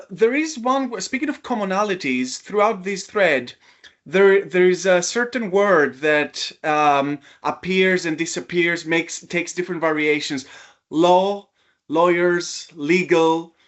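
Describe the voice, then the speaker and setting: A man's voice: high-pitched, slow, fairly bright tone. A man hosting a long interview, framing his questions thoughtfully with hesitations and restarts. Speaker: podcast host, interviewer. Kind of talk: long-form conversational interview.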